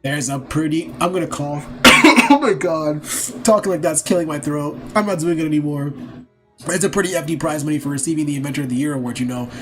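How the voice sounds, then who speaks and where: A man casually comments on a game as he plays, joking and reacting with bursts of laughter. His voice sits a little high. Game music plays clearly behind him. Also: quick pace, fairly bright tone, rough recording. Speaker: streamer.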